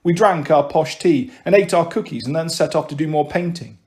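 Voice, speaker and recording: A man narrating a children's novel in steady, clear storytelling. His voice sits high for a man. The reading is paced evenly. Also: fairly quick. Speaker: audiobook reader.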